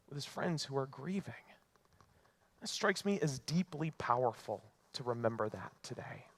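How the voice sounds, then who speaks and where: A male pastor preaching a sermon in an earnest way, moving between emphatic lines and hushed ones. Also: a little high.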